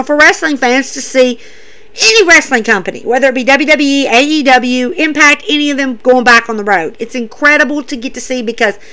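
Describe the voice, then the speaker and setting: A woman's voice: high voice, bright, forceful tone, low-quality recording. A young woman enthusiastically retelling wrestling events in a casual, chatty recap.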